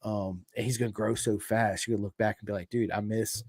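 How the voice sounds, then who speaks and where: Animated Southern podcast host, dry mic. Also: male voice, fairly low pitch, fast, husky, no room sound. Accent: American Southern. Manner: animated storyteller, says dude and bro a lot. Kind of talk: casual chat.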